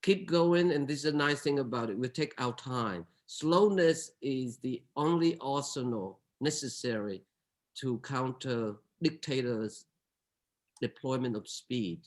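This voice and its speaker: Brief: man, curator panelist, earnest and halting, average pitch. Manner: earnest, searching, with halting restarts. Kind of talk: reflective panel remarks.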